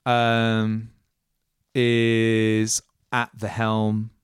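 A man's voice: lowish voice, monotone, drawn-out words, clear, resonant tone, dry recording, studio quality. A man narrating as game master, musing and hesitant, restarting his phrases and laughing often. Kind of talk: narrating a tabletop role-playing game.

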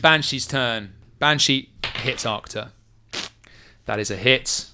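A man narrating as game master of a tabletop game, playful and lively in his descriptions. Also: mid-range voice, slow, background noise.

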